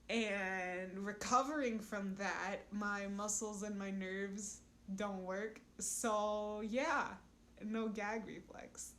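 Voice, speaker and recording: A woman's voice: medium pitch, fairly bright tone, slight background noise. A woman in her twenties chatting casually on a live stream, rambling and frank, often breaking into giggles. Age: 20s. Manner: giggly, laughs between sentences; loose and rambling, frank about crude topics.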